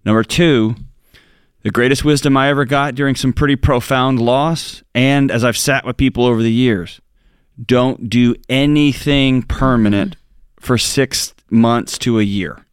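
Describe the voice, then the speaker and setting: A man's voice: medium pitch, measured pace, clean tone, no echo. Guy cohosting an advice show, earnest, leans hard on his points, dry close mic. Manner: earnest, emphatic, joking banter. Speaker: radio show co-host. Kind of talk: advice talk show chat.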